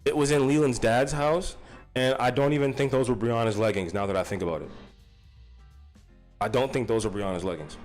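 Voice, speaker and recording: Man, livestream host, rambling profane chat, mid-pitched voice, faint music behind. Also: fairly even intonation, fairly quick, long pauses, a little mellow. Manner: profane, rambling, greets chatters by name.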